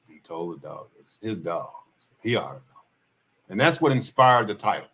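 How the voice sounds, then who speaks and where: Bright-voiced man rambling through stories. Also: lowish voice, sing-song, moderate pace. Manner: rambling, folksy, repeats key points. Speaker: livestream host. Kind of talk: casual spoken storytelling.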